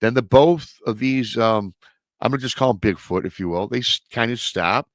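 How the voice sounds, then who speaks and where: With a mid-range voice at normal speed and no room sound, a man hosting a live show rambles through a casual story, constantly restarting and leaning on stock filler phrases.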